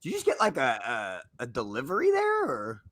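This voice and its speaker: A man co-hosting a casual sports livestream, excitable and theatrical as he retells moments. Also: medium pitch, a little fast. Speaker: sports show co-host.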